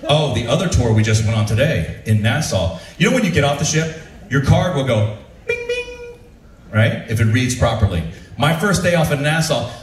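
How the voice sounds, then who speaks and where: A male comedian telling stand-up stories in an animated way, often laughing at his own material. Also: medium pitch, fairly quick. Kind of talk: stand-up storytelling. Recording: roomy, from far off.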